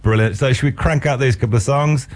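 A man's voice: medium pitch, fast talker. A man hosting a casual chat, hesitant, repeating words and calling the guest mate. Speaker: show host.

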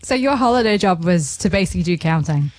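A woman's voice: lowish voice, lively intonation, fast, no room sound. Woman, radio host, bubbly with lots of ums, dry studio sound. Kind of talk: casual radio chat.

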